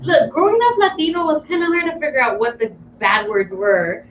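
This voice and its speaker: A woman's voice: high-pitched, brisk. A woman in her thirties co-hosting a radio chat show, telling family stories with laughs and casual swearing. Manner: laughing storyteller, swears freely. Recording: muffled distant mic with faint hiss.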